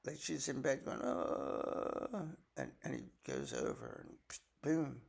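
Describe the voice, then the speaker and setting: An older man, a grandfather, reads scripture aloud and breaks off now and then for folksy, chatty asides explaining it. His mid-range voice swings hugely in pitch at a moderate pace, sounding creaky, darkish and slightly rough.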